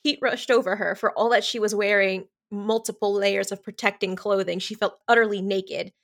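A woman's voice: medium pitch, steady tone, moderate pace, gravelly. A woman co-hosting a podcast, chatting casually about a romance book in a gushing, giggly way. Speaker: podcast co-host. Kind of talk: casual book discussion chat.

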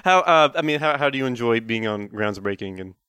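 A man's voice: mid-range voice, expressive, brisk, pushed and bright, clear, resonant tone, no room sound. A man hosting a casual podcast interview, playful and teasing, laughing often and stammering over his questions. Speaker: podcast host.

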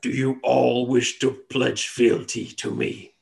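Guy putting on a proud old lion-man king, slow, gravelly and haughty. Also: medium pitch, flat delivery.

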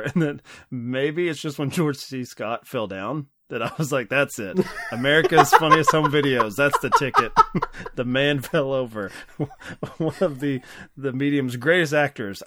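A man's voice: medium pitch, no echo, studio quality. A man co-hosting a podcast in casual chat, wry and teasing with self-deprecating humor. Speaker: podcast co-host. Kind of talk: casual chat about films.

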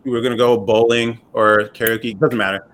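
A podcast host from upstate New York tells stories in a loose, rambling, profane casual chat full of fillers. His mid-range voice is level in tone, fairly quick, and a bit bright.

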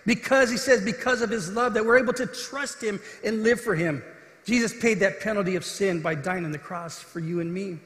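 A man with a notably high voice delivers an earnest sermon, stepping into the voices of the scripture story. He sounds like he is in a large hall, his words trailing off in a long, roomy echo. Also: brisk, a bit bright. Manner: earnest preaching, acts out quoted voices with rising intensity. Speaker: pastor. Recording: echoey hall.

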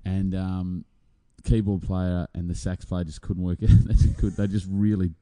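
A man with a low, very dark voice chats casually about gigs. He rambles from one anecdote to the next, breaking into laughter mid-sentence. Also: little pitch movement, moderate pace. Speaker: musician guest. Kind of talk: casual chat.

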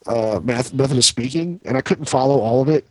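A man's voice: mid-range voice, brisk, no echo, clean studio sound. A man co-hosting a podcast, telling a long story in a rambling, profane way, full of fillers and restarts. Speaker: podcast co-host. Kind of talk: casual storytelling chat.

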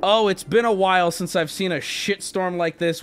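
A man hosting a livestream, talking straight to his chat in a casual, animated way and swearing freely. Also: sits high, normal speed, clean tone. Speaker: livestream host.

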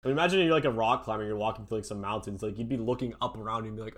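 A man's voice: on the low side, rapid-fire, hardly any pauses, a bit bright. A man co-hosting a podcast, chatting casually and eagerly about games. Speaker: podcast co-host. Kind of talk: casual chat.

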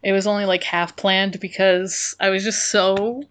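A young woman co-hosting a podcast, chatting casually and excitedly, gushing and swearing freely. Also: medium pitch, moderate pace, a little hiss or hum. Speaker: podcast co-host. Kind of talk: casual chat.

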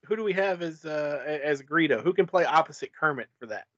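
Slightly high-voiced guy, dry muffled mic, lots of ums and restarts. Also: animated, fairly quick, bright, forceful tone, no echo. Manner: hesitant, lots of filler words and restarts. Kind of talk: casual podcast chat.

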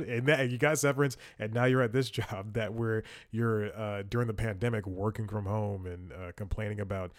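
A man's voice: on the low side, steady tone, fairly quick, hardly any pauses, no echo, clean studio sound. A young man telling a work story in a casual podcast monologue, rambling with fillers, restarts and wry laughs. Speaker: podcast host.

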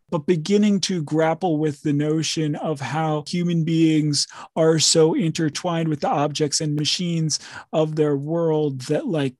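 A man's voice: a little high, darkish tone, no echo, clean studio sound. Enthusiastic man lecturing on a podcast. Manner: enthusiastic, rambling explanations. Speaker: podcast host, professor. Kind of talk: casual academic discussion.

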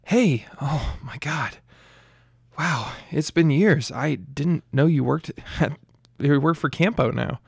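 A man voicing a young woman witch in an audiobook, speaking softly and hesitantly with stammers. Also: on the high side, lively intonation, slow, vocal fry, slightly rough, dry recording, studio quality, heavily acted. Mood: unsettled.

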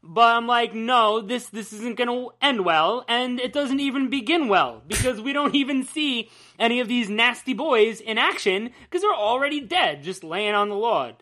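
A woman's voice: on the high side, expressive, normal speed, hardly any pauses, a bit bright. A young woman co-hosting a casual comic-book podcast, joking crudely and laughing often. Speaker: podcast co-host.

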